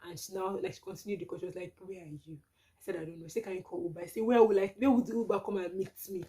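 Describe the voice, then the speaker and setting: A woman's voice: mid-range voice, fast. A young Nigerian woman with a Nigerian accent, telling a dramatic storytime vlog with lots of exclamations. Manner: animated, dramatic retelling with exclamations. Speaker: vlogger.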